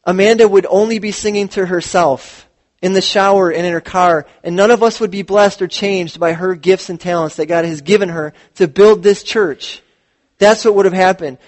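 Male pastor, high-pitched, lively sermon storyteller acting out quotes. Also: normal speed. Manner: animated storytelling with acted quotes. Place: church.

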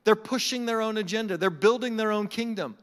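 A man preaching a sermon as pastor, conversational and animated, acting out what people say. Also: sits high, a little fast. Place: church sanctuary. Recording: long hall reverb.

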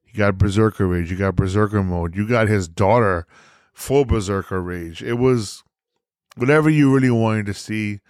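Male podcast host, low voice, theatrical and profane, dry close recording. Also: normal speed, a little mellow, no echo. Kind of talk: casual movie talk.

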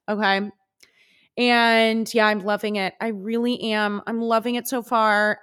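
Young female solo podcast host, slightly high voice, gushing and chatty. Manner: bubbly, gushing, animated. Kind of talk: solo casual podcast chat.

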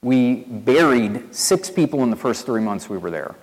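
Southern pastor preaching in a reverberant church. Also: male voice, medium pitch, moderate pace. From East Tennessee, USA. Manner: conversational storytelling, animated and earnest. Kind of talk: sermon. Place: church sanctuary with long reverb.

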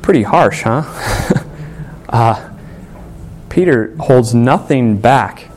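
A man preaching a sermon, earnest and emphatic, with dramatic pauses on key words. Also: medium pitch, animated, a little mellow, slight background noise.

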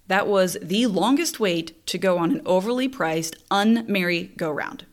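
A young woman hosting a podcast, telling a story casually in an animated, exasperated way, laughing often. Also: medium pitch, measured pace. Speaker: podcast host.

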